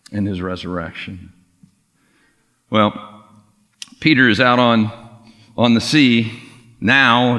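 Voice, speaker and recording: A man preaching a relaxed, conversational sermon, telling the story as if chatting with friends. His voice is bright and forceful. The long reverb of a big church hall trails after each phrase. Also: mid-range voice. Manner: casual storytelling with lively acted quotes. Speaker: pastor. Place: church sanctuary.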